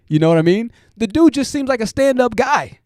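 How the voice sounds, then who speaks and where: A man's voice: very high voice, a little mellow, no echo, clean studio sound. A man hosting a livestream, giving blunt commentary and talking straight to his chat. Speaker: host.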